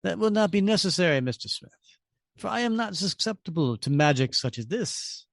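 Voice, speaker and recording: A man doing a calm, quiet mysterious stranger. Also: high-pitched, normal speed, gravelly, no room sound, clean studio sound, pitched above the performer's own voice. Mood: composed.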